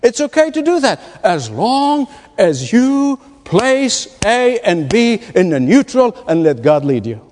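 A man preaching a sermon, emphatic and dramatic, slowing down to stress his points. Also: high-pitched, big pitch swings, darkish tone, slight background noise. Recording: long hall reverb.

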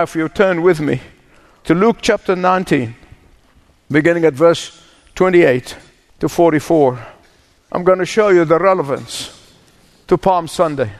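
A man's voice: on the high side, in a large hall. A male pastor preaching a sermon and reading scripture, stressing his points through repetition. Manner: emphatic, repeats phrases for weight.

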